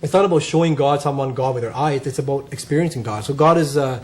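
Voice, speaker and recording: A man's voice: mid-range voice, fast. A man giving a casual spiritual talk, earnest and often checking in with "right?". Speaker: speaker on spirituality.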